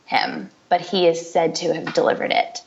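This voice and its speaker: A woman's voice: low-pitched, fairly even intonation, normal speed, creaky, a little hiss or hum. A woman guest in a casual interview, explaining things in a chatty way with frequent repeats. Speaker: podcast guest. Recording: dull lo-fi sound.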